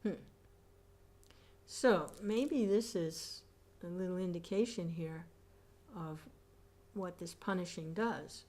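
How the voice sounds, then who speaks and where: Reflective woman teaching scripture. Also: on the low side. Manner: reflective, pausing with soft hums. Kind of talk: scripture reading and commentary.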